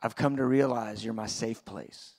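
A pastor in his forties preaching a sermon, telling a personal story in a conversational, halting way. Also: fairly low pitch, steady tone, darkish tone. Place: church auditorium.

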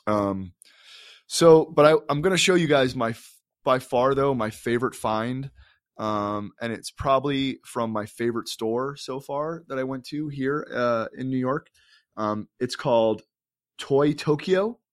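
A man's voice: medium pitch, a little slow. A man co-hosting a podcast, telling an enthusiastic, rambling story in casual chat, full of fillers and restarts. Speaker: podcast co-host.

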